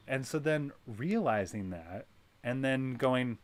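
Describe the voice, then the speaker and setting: A man hosting a wellness circle, talking in an animated coaching way that is full of "right?" and "you know". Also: mid-range voice, takes it slowly, a little hiss or hum. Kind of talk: guided wellness talk.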